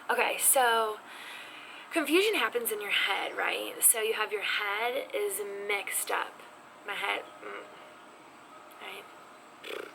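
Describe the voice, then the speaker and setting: A woman's voice: medium pitch, gravelly, noisy background. A woman teaching sign language vocabulary in a chatty, self-teasing way, now and then dropping to a whisper, recorded at home. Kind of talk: casual video lesson. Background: neighbor's music faintly heard.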